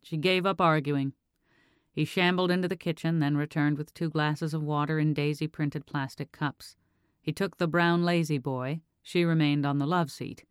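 A calm audiobook narrator reading fiction with a smooth, resonant voice. The sound is close and dry, with no room behind it. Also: medium pitch, moderate pace, no echo.

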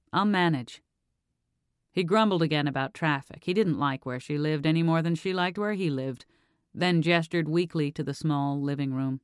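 An audiobook narrator reading fiction in a calm, even storytelling manner. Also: medium pitch, clear, resonant tone, dry recording, clean studio sound.

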